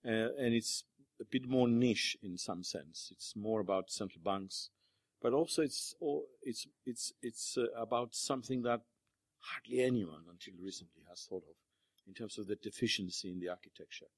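A man's voice: on the low side, moderate pace, no echo. A man giving an academic presentation at a panel, hesitant with many fillers and restarts. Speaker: panel speaker.

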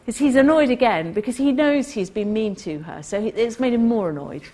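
A woman telling a workplace story in a talk, animated and acting out the people she quotes. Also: fairly high pitch, a little fast. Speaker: co-host.

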